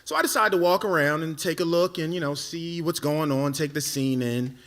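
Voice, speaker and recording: A man telling a comic personal story live on a theatre stage, animated and self-mocking, tripping over himself with quick repeats. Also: on the high side.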